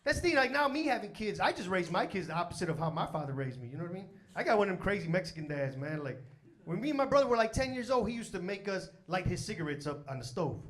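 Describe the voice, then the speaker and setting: Live on a comedy stage, this fast-talking South Side Chicago comedian in his forties tells animated stories, acting out each character. His voice sits high. The audience's loud laughter fills the recording from start to finish.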